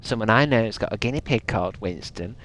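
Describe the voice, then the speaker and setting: Man, gaming streamer, low voice, very lively pitch, sweary, sarcastic, faint ambience behind. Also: fairly quick, slight background noise. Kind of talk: gaming livestream commentary.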